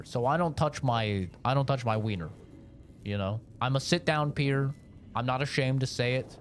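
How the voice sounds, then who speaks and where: A man's voice: mid-range voice, a bit bright. A man, a streamer chatting casually with viewers, rambling and swearing freely, with faint background noise. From United States.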